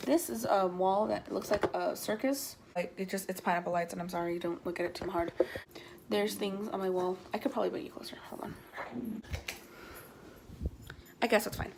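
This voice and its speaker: A woman's voice: mid-range voice, a little fast, noisy background. Rambling teen girl vlogging from her bedroom. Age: teens. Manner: rambling, chatty, self-conscious. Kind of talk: casual chat. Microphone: handheld phone.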